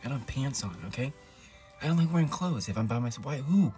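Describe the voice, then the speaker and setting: A young man rambling through a comic monologue to camera, fast and playful, recorded alone at home at night on a tripod camera. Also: medium pitch, expressive, darkish tone, soft background music. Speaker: comedic vlogger.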